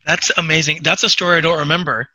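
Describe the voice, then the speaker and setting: A man hosting a podcast, chatting and telling stories in a quick, animated way. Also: a little high, no room sound, poor audio. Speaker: podcast host. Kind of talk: casual chat, storytelling.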